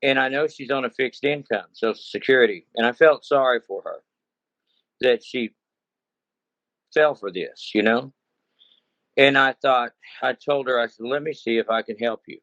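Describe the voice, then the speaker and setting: A man's voice: mid-range voice, moderate pace, long pauses, a bit bright, no room sound. A man who runs a cattle ranch telling his story in a rambling, folksy way, often repeating himself. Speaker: consumer telling a scam story. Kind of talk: casual first-person account. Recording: dull lo-fi sound, dry.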